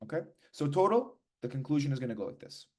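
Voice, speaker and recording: A man teaching hymns, explaining patiently and then chanting verses slowly. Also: on the high side, big pitch swings. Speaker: hymn teacher. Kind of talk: hymn lesson, speaking and chanting.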